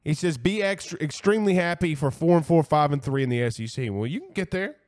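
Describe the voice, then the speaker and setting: Animated man hosting a sports stream. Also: fairly high pitch, fast. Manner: blunt, animated, repeats himself, swears then apologizes. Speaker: host of a college football show. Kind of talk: casual live-stream chat reading viewer comments.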